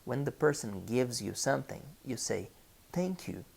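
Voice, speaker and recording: His voice is mid-range, gravelly and husky. A Brazilian native speaker of Portuguese, he teaches English online with a Brazilian Portuguese accent, choosing his words deliberately and saying key phrases more than once.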